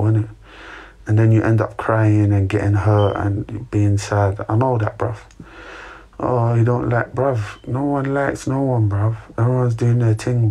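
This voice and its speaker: A man's voice: on the low side, dark tone, slightly rough. A young man chatting casually to his livestream viewers, giving earnest life advice and ending lines with "bruv" and "innit". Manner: slangy, repeats "bruv" and "innit", gives earnest advice to chat. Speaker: livestream host.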